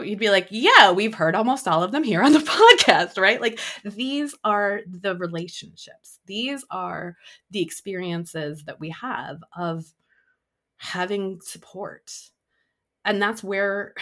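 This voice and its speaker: Candid, emotional woman podcast host, low voice. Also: a bit bright. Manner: emotional, confessional, laughs often, gets choked up. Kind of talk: candid solo podcast talk.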